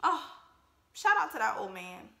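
A woman hosting a casual movie reaction, talking with animated slangy asides and frequent laughter. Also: fairly high pitch, normal speed, creaky, reverberant, over music.

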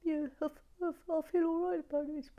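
A woman's voice: extremely high pitch, level tone, fast talker, phone-quality sound, pitched above the performer's own voice. A woman voicing a shy, timid little toy man who stammers meekly. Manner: hesitant, stammering, meek.

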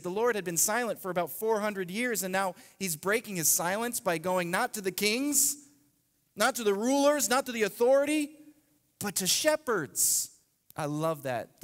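High-pitched, emphatic preaching man. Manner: animated, emphatic preaching with playful asides. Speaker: pastor. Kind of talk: sermon. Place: church sanctuary. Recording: long reverb of a large church hall.

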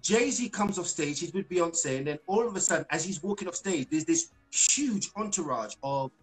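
A British singer telling stories as a guest in a casual live-stream interview, animated and full of fillers, restarts and acted-out quotes. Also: male voice, a little high, moderate pace, faint music behind, rough recording. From Britain.

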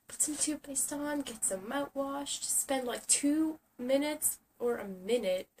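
A young woman who is sick, ranting sarcastically in a casual vlog and swearing often. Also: sits high. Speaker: vlogger. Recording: distant camera mic with faint hiss.

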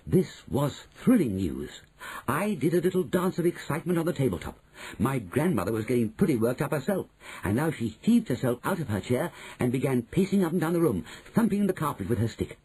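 A man narrating an audiobook in the first person. His voice is dark and mellow, with a very husky, breathy grain. His pitch moves in wide, lively swings. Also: brisk, rough recording.

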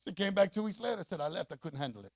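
A man preaching a rousing call-and-response sermon as pastor, rising to shouts. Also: sits high, very animated, rapid-fire.

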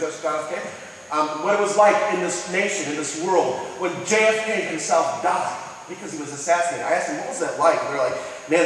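Guy preaching, tells stories, asks the crowd questions, faint ambient noise, long hall reverb. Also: high voice. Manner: storytelling, asks the audience questions, acts out quoted people. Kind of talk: sermon with personal stories. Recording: distant mic in an echoey hall.

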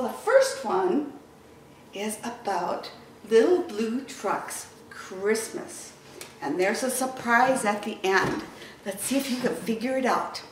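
Animated woman reading to children, roomy sound. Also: a little high, a little hiss or hum. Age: adult. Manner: animated, sing-song storyteller. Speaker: story time reader. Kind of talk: reading picture books aloud to children. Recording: roomy echo, voice from a distance.

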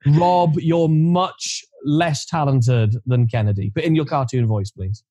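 A man's voice: on the high side, a little slow, warm tone, dry recording. A man hosting a podcast interview, chatty and playful as he asks questions. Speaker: podcast host. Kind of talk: casual interview chat.

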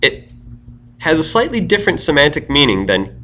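A man's voice: a little high, very animated, normal speed, bright, forceful tone. A man giving a screencast tutorial on web pages, explaining step by step and thinking aloud as he types.

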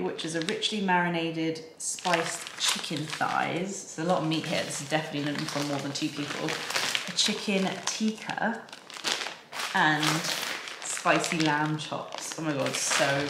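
A low-voiced lifestyle vlogger chats to the camera at home, moving between the kitchen and upstairs rooms. She's chatty and excitable, using plenty of filler "like," and the audio sounds roomy with background noise.

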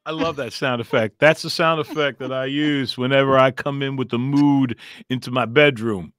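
A man's voice: medium pitch, steady tone, normal speed, a bit bright. A man hosting a comedy podcast, chatting in a rambling, jokey way with lots of fillers and restarts. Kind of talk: casual comedic chat. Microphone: remote call line.

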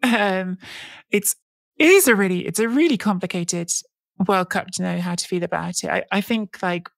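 A woman's voice: medium pitch, moderate pace, creaky, no echo. A woman co-hosting a podcast who talks in a casual, rambling way with lots of restarts. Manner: rambling, with frequent restarts and fillers. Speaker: podcast co-host.

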